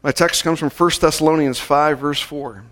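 A male pastor delivering a sermon at a church service, measured and slowing down to stress key words. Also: a little high, fairly even intonation, a bit bright.

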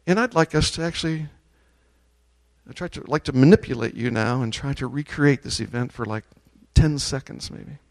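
Speaking at a medium pitch and moderate pace, a male pastor preaches, reading scripture aloud and leading his congregation in call-and-response chants. His voice rises to loud, ringing peaks.

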